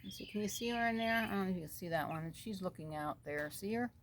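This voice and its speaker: A woman's voice: mid-range voice, fast talker, background noise. A woman chatting about her backyard chickens, rambling and cooing at the birds, recorded outdoors on a phone. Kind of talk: casual chat. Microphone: phone camera.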